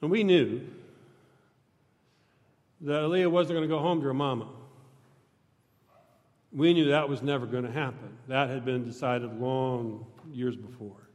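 A male pastor preaching a sermon in a large church, talking conversationally and joking with the congregation, sometimes breaking into shouts. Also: mid-range voice, unhurried, long pauses. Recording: long church reverb.

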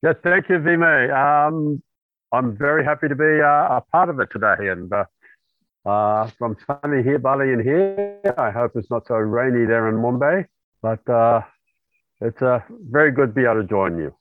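A middle-aged Australian man speaking as a guest over a remote call, talking in an unhurried way with many fillers. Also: mid-range voice, lively intonation, no room sound. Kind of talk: remote interview. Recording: tinny call line, very dry.

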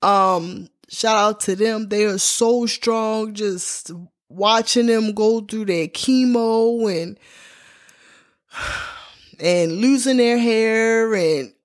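A woman's voice: on the high side, drawn-out words. A woman in her forties, a podcast host, candidly telling a personal story to her listeners in a casual, slangy, heartfelt way. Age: 40s.

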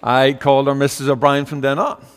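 A man's voice: medium pitch, little pitch movement, a little fast, big-room sound. An older man preaching a storytelling homily in a folksy way, with fillers and asides.

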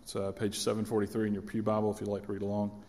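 A man reading scripture aloud in a church service, steady and measured, correcting himself now and then. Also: on the low side. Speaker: scripture reader. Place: church sanctuary. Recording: reverberant church hall.

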